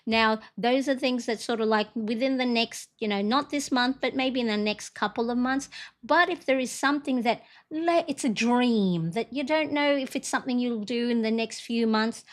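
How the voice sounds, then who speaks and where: A woman's voice: a little high, moderate pace. A middle-aged woman hosting a casual live stream, talking in a rambling, encouraging way with lots of fillers. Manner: chatty, rambling, warm encouragement with frequent fillers. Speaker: livestream host.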